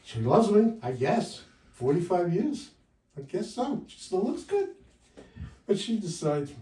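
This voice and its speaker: An older man working a comedy club stage, his voice sitting a little high and swinging widely in pitch. He tells his set with wry, punchy timing and bursts louder when he quotes someone. The sound is roomy and picked up from a distance. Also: very animated, slow pace, long pauses. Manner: wry, punchy delivery with loud jumps for quoted lines. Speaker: stand-up comedian.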